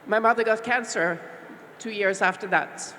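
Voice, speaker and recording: A middle-aged woman from Norway, speaking on a panel as a small business owner, heartfelt and reflective with many pauses and fillers. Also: medium pitch, bright, forceful tone. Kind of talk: panel discussion talk. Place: large expo hall stage. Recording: long hall reverb with faint background noise.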